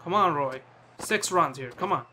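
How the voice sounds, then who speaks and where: A man's voice: a little high, moderate pace, pushed and bright, a little hiss or hum. A man giving casual commentary as he plays a cricket video game, bantering, swearing and talking to his player on screen.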